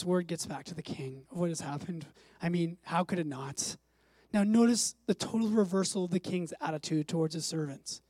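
A pastor preaches an emphatic sermon in a middle-pitched voice, falling soft before rising into loud, urgent passages. The recording is dry and close, with no echo from the room.

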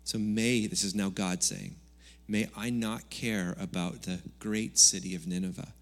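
A man's voice: sits low, steady tone, a little slow. Man preaching a casual, joking sermon. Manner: conversational, jokey preaching with sudden loud bursts. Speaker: pastor. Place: church service.

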